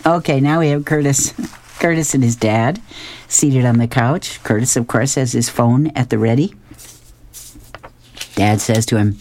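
Very deep, slow-reading woman. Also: a little mellow, slight background noise. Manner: chatty, amused asides while describing panels. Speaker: reader of newspaper comics. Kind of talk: reading comic strips aloud.

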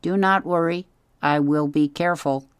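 A reader voicing a calm, polite female robot who speaks slowly and carefully in an audiobook. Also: mid-range voice, clear, resonant tone, dry recording, clean studio sound, pitched above the performer's own voice, close to an everyday voice. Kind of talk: audiobook character voice.

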